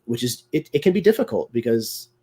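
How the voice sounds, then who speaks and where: A man's voice: mid-range voice, big pitch swings, fairly quick, mellow, breathy edge. Guy hosting a chat show, keeps restarting sentences, medium voice. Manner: hesitant, many fillers and restarts. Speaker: host. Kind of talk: casual discussion on live video series.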